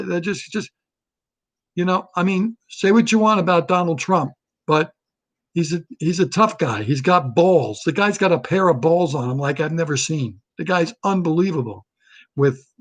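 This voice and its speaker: A male comedian in a solo rant, blunt and riffing, often repeating himself. His voice sits a touch high for a man.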